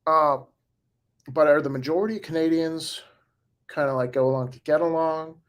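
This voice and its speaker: With a voice on the high side and a moderate pace, a man in his forties reads viewer comments on his live stream. His answers ramble casually, sprinkled with fillers and chuckles.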